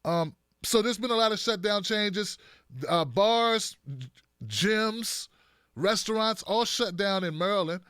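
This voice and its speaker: A man hosting a political commentary show, talking in a blunt, animated, joking way with frequent restarts. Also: high voice, unhurried, clear, resonant tone, no echo, clean studio sound.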